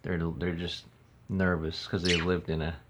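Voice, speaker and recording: A man's voice: deep voice, flat delivery, unhurried. A man filming a casual home vlog on his phone, rambling and correcting himself as he talks and coos to his birds. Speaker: pet owner vlogger. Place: home room. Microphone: phone camera. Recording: dull lo-fi phone audio.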